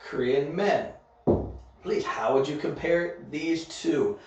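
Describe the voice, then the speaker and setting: A man teaching English grammar in a recorded online lesson, speaking slowly and deliberately and checking in with "okay?" after each point. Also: fairly high pitch, animated. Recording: very echoey room, distant mic, dull sound.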